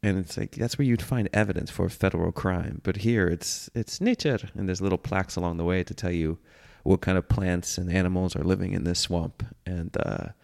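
Low creaky man rambling. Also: fairly even intonation, brisk, few pauses, a little mellow. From United States. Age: 30s. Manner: rambling, profane, self-mocking. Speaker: podcast host. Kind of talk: casual comedic monologue.

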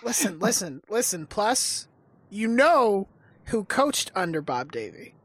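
A woman's voice: mid-range voice, big pitch swings, slow. A woman co-hosting a casual sports podcast, playful and mock-serious as she teases along. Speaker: podcast co-host.

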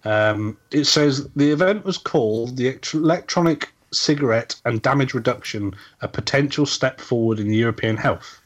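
Rambling man co-hosting a casual podcast. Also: medium pitch. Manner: rambling, halting, many fillers and restarts. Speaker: podcast co-host.

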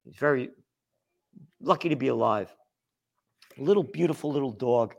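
A man's voice: mid-range voice, expressive, moderate pace, gravelly, dull audio. A man hosting a political talk show, rambling and indignant, with many restarts and fillers. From United States. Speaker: host.

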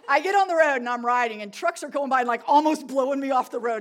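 A woman's voice: high voice, fairly quick. A young woman, a church ministry director telling a funny, self-mocking story in a sermon.

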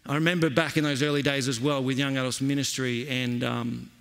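A man's voice: medium pitch, flat delivery, fairly quick, creaky, fairly bright tone, smooth, in a large hall. A male pastor preaching a sermon in an earnest, emphatic way, repeating his key phrases.

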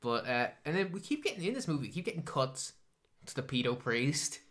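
An Irish podcast co-host with a bright, forward voice, talking in a casual, animated way. The delivery is sweary and mocking as they riff on a film's scenes. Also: mid-range voice, brisk. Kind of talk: casual chat reviewing a film.

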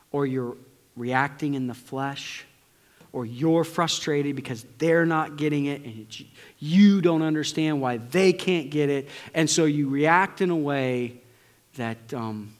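A middle-aged male pastor preaching a conversational sermon to his congregation, swinging between loud bursts and near-whispers. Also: on the high side. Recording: long hall reverb.

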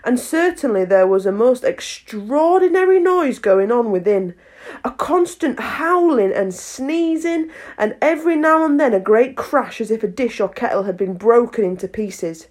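A woman reading a storybook aloud in a clear, measured way, her voice sitting a little on the high side. She keeps a steady, even pace through the narration. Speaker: audiobook reader.

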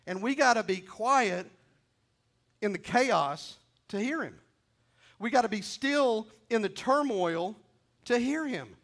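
A man's voice: high voice, animated, slow pace, gravelly, a bit bright. A male pastor preaching a sermon, exhorting his listeners with emphatic repetition.

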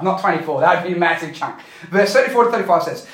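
High-voiced youth pastor in an echoey hall. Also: male voice, quick pace. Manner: casual, energetic, with self-corrections. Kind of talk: live youth sermon with Bible reading and prayer. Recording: roomy live church hall.

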